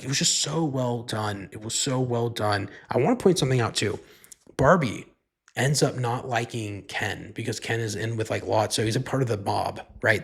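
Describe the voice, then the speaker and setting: Husky-voiced man rambling on a podcast. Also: medium pitch, a bit bright. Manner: rambling, profane, heavy use of "like". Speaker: podcast host. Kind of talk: casual solo podcast monologue.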